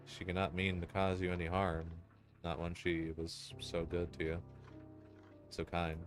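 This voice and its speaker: A man narrating a dark second-person story in a solemn, ominous and deliberate way. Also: low voice, completely flat delivery. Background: music.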